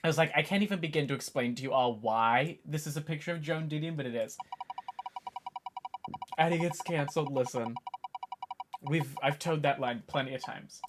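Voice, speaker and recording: A man's voice: a little high, moderate pace, long pauses, background noise. A man in his twenties, a streamer chatting casually and jokingly with his viewers. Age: 20s. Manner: animated, jokey, talks to chat while typing. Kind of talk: casual live-stream chat.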